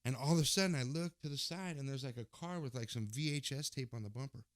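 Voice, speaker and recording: A man, a podcast guest, telling a story casually, swearing freely and jumping loud and high when he acts out the scenes. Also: fast, dry recording. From Southern California. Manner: animated, swings loud when acting out the story.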